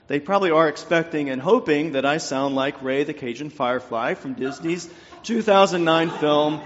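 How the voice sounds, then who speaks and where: Preacher with a faint Southern accent in a reverberant church. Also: male voice, fairly high pitch. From North Louisiana. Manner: measured, deliberate delivery with pauses in lists. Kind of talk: sermon. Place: church sanctuary. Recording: dull sound with long reverb in a church.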